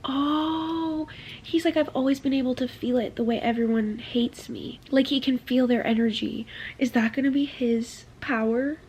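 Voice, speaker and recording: A young woman in her twenties vlogging about a book she is reading, gushing and excitable, reading passages aloud softly between her reactions. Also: sits high, moderate pace, a little hiss or hum. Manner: gushing, excitable, reads quotes softly, laughs often. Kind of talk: casual reading vlog, reading aloud.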